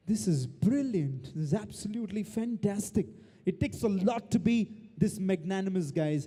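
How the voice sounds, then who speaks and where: High-voiced excitable auctioneer. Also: male voice, fairly quick. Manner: energetic, excitable, calls out bids. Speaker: charity auction host. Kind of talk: live auction emceeing. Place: large event hall before a crowd. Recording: long reverb of a big hall.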